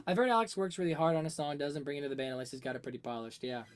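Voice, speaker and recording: A man talking through a song on a casual livestream, his pitch swinging freely up and down as he thinks aloud. He reads out the chat, answers it, and now and then hums a melody over a webcam setup. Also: expressive, rapid-fire. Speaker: music analysis livestream host.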